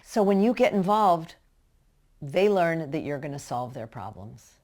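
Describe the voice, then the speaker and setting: Low-voiced woman giving parenting advice. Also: dark tone. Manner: direct, practical, acts out parent and child voices. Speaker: parenting educator.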